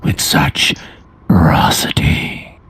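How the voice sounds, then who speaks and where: A man voicing a menacing armored male brute in a slow, deep, gravelly whisper. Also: a bit bright. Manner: slow, cold and measured.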